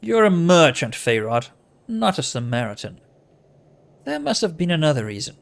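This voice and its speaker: A man's voice: fairly high pitch, sing-song, moderate pace, gravelly. A man voicing a blunt undead wanderer. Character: scarred, amnesiac undead male wanderer.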